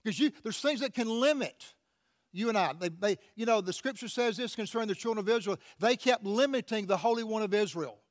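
A pastor preaching a sermon, often calling out to the congregation for an amen, with frequent restarts and repeated words. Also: male voice, high-pitched, a little fast. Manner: preaching with call-outs to the congregation.

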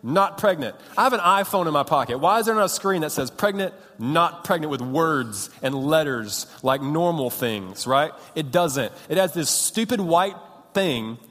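A man in his thirties delivers a sermon through lively, punchy storytelling and pokes fun at himself. His voice sits a little high. A long reverb trails behind him, as in a large hall. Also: normal speed. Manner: animated storytelling, self-mocking and punchy. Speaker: pastor.

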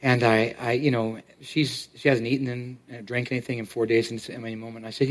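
A man preaching a sermon as pastor to his congregation, talking in a halting way and often repeating words as he tells a story. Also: mid-range voice, little pitch movement. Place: church sanctuary.

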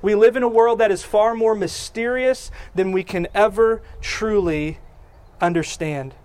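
Folksy pastor, high voice. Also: male voice, a little slow, darkish tone, clean tone, dry recording. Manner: folksy storytelling, acts out quotes in casual voices. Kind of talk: sermon.

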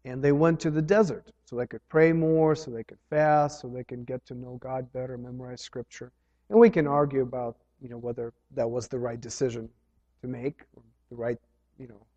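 A man preaching a sermon, earnest, rising loud on key phrases and dropping low between them. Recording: dull sound with long hall reverb.

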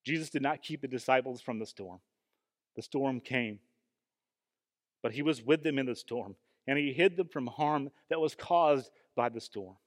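A man preaching a sermon in an earnest, emphatic way, often pausing with fillers and restarting his phrases. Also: medium pitch. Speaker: pastor. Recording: long hall reverb.

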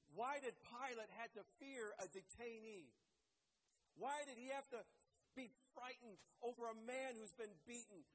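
A male pastor preaching a sermon with passion, swinging from loud, emphatic lines to hushed ones and repeating key phrases for weight. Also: high voice, background noise.

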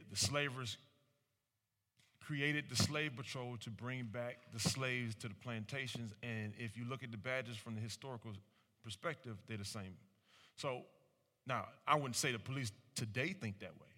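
Man, punchy and bright, call-and-response speaker in a reverberant hall; rhetorical, acts out voices. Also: mid-range voice. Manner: animated, rhetorical questions, acts out quoted voices. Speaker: speaker at a community talk. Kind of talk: preaching-style public talk with audience call-and-response. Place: large room with an audience.

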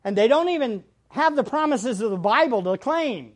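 A man preaching a sermon as pastor, swinging between hushed asides and loud emphatic lines. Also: extremely high pitch, lively intonation, normal speed, hardly any pauses.

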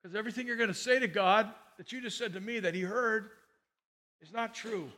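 A pastor preaches a sermon in a high-pitched, fairly quick voice. He tells a story with conversational asides, swinging between loud, impassioned lines and hushed ones.

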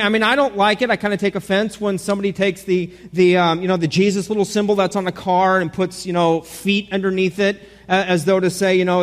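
High-voiced joking preacher in a reverberant hall. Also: male voice. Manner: animated, joking, many repeated starts. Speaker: pastor. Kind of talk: sermon.

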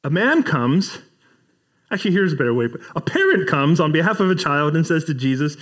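A man's voice: on the high side, sing-song, brisk, a bit bright. A male pastor preaching a sermon in a casual, conversational way, acting out bits of dialogue as he retells a Bible story.

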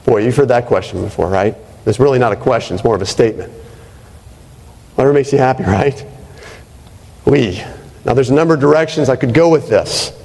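A man's voice: medium pitch, fast talker, gravelly, darkish tone, breathy edge. A male pastor preaching a sermon in a conversational way, often checking in with "right?". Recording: reverberant hall.

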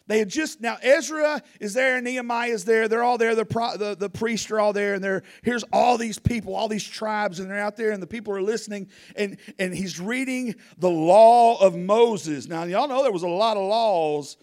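A man preaching an informal sermon as a guest preacher, animated and rambling, often repeating himself. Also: high-pitched.

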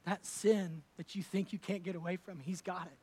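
High-voiced man preaching with emphatic swings. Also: steady tone, normal speed, breathy edge. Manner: emphatic and conversational, swinging from loud to soft. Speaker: pastor. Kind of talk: sermon. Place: church service.

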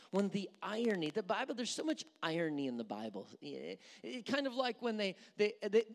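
Lively preacher in an echoing sanctuary. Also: mid-range voice. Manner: animated storytelling, acting out quotes; repeats words while thinking aloud. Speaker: pastor. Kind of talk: sermon. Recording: long hall reverb.

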